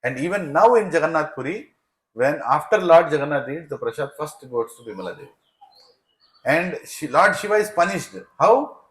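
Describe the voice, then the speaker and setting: Animated man telling a sermon story. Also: a little high, moderate pace, reverberant, low-quality recording. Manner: animated, asks the audience "right?". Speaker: spiritual teacher. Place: devotional center hall.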